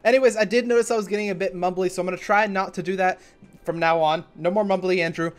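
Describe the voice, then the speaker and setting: A man's voice: high-pitched, steady tone, fast, soft background music. A young man hosting a casual let's play, talking in a chatty, rambling way and often correcting himself. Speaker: gaming channel host.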